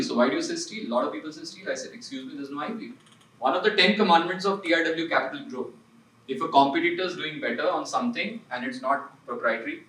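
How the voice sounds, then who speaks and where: A man's voice: a little high, a bit bright, recorded from a distance. Man, investment firm executive, seminar talk, rhetorical questions, roomy echo, faint room hum. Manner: punchy, conversational, asks the audience rhetorical questions.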